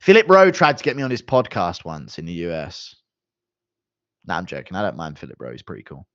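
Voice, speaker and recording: A young man reading and answering viewer chat on a casual live stream, animated and joking, with some mild swearing. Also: low-pitched, brisk, dry recording, lo-fi sound.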